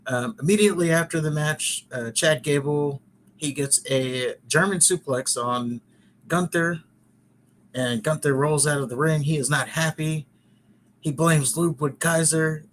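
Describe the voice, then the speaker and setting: A man's voice: fairly high pitch, takes it slowly, long pauses, fairly bright tone, slight background noise. A man hosting a podcast, casually recapping wrestling in a chatty, rambling way with joking asides. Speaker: podcast host.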